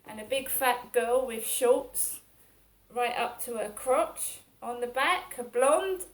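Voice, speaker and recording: A woman's voice: on the high side, lively intonation, takes it slowly. A middle-aged woman, talking through her day in a rambling, aggrieved personal monologue that circles back on itself. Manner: rambling and aggrieved, repeating herself. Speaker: vlogger.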